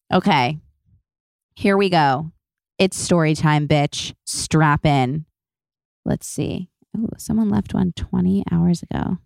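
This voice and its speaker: A woman's voice: low-pitched, gravelly, a little mellow, clear, resonant tone, no echo, studio quality. A young woman in her twenties hosting a podcast in casual, chatty talk, swearing freely and gushing at times. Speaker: podcast host. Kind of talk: casual chat.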